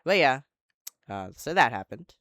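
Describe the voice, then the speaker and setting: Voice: mid-range voice, big pitch swings, measured pace, fairly bright tone, no echo, studio quality. A channel host casually retelling an online roleplay, rambling and correcting themselves, with chatty asides to viewers.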